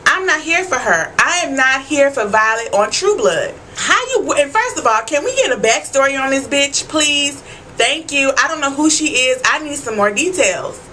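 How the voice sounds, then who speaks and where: A high-pitched woman with a bright, sharp tone recapping a TV episode for her viewers. She is animated and slangy, and swears freely as she talks straight to the camera. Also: moderate pace, slight background noise, low-quality recording. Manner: loud asides and frequent swearing. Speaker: vlogger.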